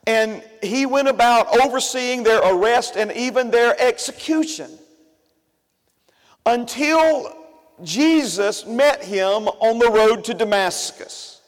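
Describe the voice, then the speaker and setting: Male pastor, very high voice, chatty sermon full of asides, long church reverb. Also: takes it slowly. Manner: conversational, with many asides and fillers; builds emphasis by repeating phrases. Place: church sanctuary.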